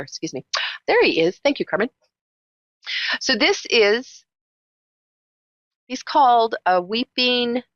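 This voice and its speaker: Animated chatty woman psychic host. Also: on the low side, dry recording, highs cut off. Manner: chatty, animated, teasing, emphatic repetitions. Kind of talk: live call-in psychic reading.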